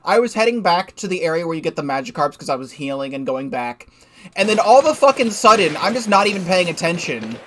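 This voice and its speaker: A man's voice: sits high, very animated, brisk, a bit bright, slight background noise. A young man giving casual, rambling game commentary from his desk, swearing freely and laughing at himself. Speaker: let's play gamer.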